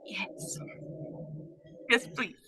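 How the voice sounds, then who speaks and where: A woman's voice: very slow, bright, forceful tone, in a whisper. A woman player in a tabletop game, chatting casually and giggling often.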